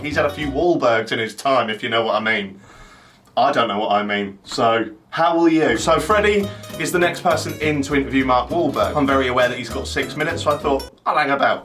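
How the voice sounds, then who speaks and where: A man's voice: a little high, far from the mic. A man, telling comic stories in a cheeky, sweary, self-mocking vlog. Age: 20s. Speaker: YouTuber host. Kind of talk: casual storytelling vlog.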